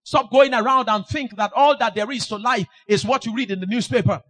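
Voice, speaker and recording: Male preacher, high and ringing, sing-song delivery that bursts into shouts. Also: brisk. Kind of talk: sermon.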